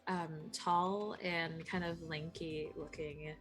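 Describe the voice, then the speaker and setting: A woman with a very low voice describes her character for a tabletop role-playing stream, unhurried and calm. Faint music runs underneath. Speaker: player.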